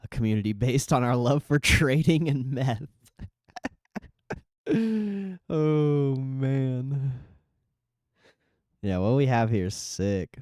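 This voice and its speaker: Brief: male streamer, laid-back and profane, talking to chat, smooth clear tone, dry close sound. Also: medium pitch, moderate pace, hardly any pauses, no echo. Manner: relaxed, profane, reading chat aloud. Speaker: livestream host. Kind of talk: casual live stream chat.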